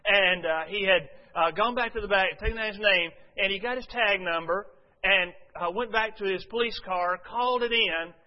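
A man with a high voice preaches to his congregation and speaks to them directly. He tells a long story and pauses often with "uh". The recording is dull and muffled, with a long reverb from a church hall. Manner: storytelling with frequent "uh" fillers. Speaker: pastor. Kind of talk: sermon.

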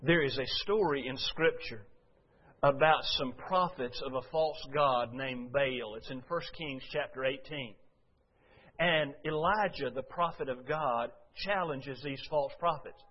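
A man's voice: medium pitch, measured pace. Folksy preacher man, lo-fi. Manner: folksy, conversational preaching with frequent "uh" and rhetorical questions. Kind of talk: sermon. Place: church before a congregation. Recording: dull lo-fi recording.

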